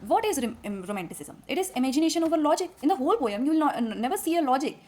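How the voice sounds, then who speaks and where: Woman, Indian English accent, fairly high voice, a cold in her throat; patient lecturing teacher, step-by-step explanations with frequent fillers. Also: big pitch swings, rapid-fire, a little mellow, a little hiss or hum. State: has a cold. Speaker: literature teacher. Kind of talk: classroom lecture.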